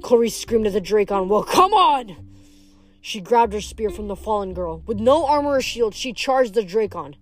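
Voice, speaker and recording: A woman reading a novel aloud in a plain, steady way, stumbling now and then and correcting herself. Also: medium pitch, moderate pace, hardly any pauses. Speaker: audiobook reader.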